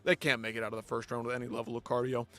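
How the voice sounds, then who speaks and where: Hosting a live post-fight show, a man rants bluntly and exasperatedly, swearing heavily. His medium-pitched voice is flat in delivery, racing in pace, and sharp in tone.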